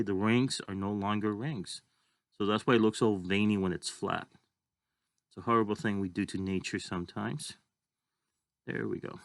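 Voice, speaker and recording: A man's voice: fairly low pitch, creaky, no echo, studio quality. A man teaching a drawing lesson, talking casually and thinking aloud as he draws. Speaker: art teacher.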